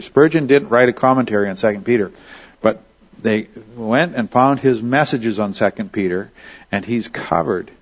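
Conversational male preacher, muffled recording. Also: mid-range voice. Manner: conversational, with frequent restarts and asides. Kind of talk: verse-by-verse Bible teaching.

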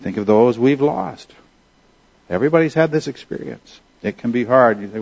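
With a husky, darkish mid-pitched voice and some vocal fry, a pastor gives an earnest, animated, conversational sermon, frequently pausing to question his listeners. The audio sounds a bit dull and lo-fi.

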